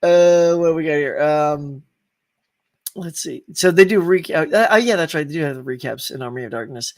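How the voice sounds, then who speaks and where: A man's voice: a little high, moderate pace. A man hosting a live stream, chatting casually, laughing often and greeting viewers by name as he reads their comments. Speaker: host of a live stream show.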